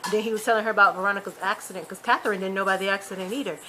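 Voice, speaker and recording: A woman hosting a casual TV episode recap, chatty and animated, retelling scenes with quick asides. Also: mid-range voice, slight background noise. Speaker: YouTube TV recap host.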